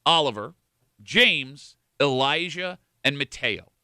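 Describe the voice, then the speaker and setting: A male radio host. His voice is bright and lively, swinging up and down as he jokes. The sound is dry and close to the mic. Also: fairly high pitch, clear, resonant tone, no room sound. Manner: animated, joking, quick to laugh. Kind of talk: casual radio banter.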